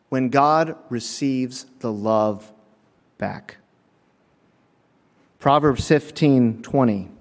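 A man preaching a sermon, telling lively stories with acted-out voices and frequent chuckles, in a church. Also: medium pitch. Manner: animated storytelling, acts out voices, chuckles often. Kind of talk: sermon with humorous anecdotes. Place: church sanctuary. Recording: long reverb of a church sanctuary.

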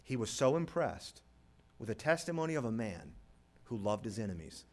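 A man preaching a sermon as pastor, moving from quiet storytelling to loud, rising appeals. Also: medium pitch, very animated, moderate pace.

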